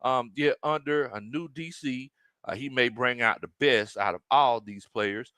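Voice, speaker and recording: A man hosting a casual sports live stream, reading viewer comments aloud, animated and laughing often. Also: medium pitch, measured pace, no room sound. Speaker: sports show host.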